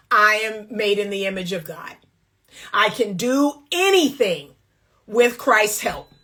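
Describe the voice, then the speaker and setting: A woman's voice: on the high side, pushed and bright. A woman relationship coach giving blunt, emphatic faith-based commentary in a casual talk.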